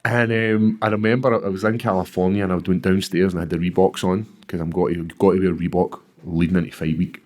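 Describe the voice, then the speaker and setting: A Scottish man with a fairly low voice tells stories as a podcast guest. He is animated, acts out other people's voices and swears without a second thought. The talk is relaxed and chatty. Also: quick pace, hardly any pauses. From Scotland. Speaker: guest, professional fighter. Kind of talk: casual storytelling in a podcast interview.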